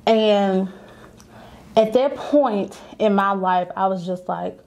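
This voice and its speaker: A woman's voice: medium pitch, slow, darkish tone. A young adult woman and business owner telling a personal story candidly and conversationally, acting out the voices she quotes.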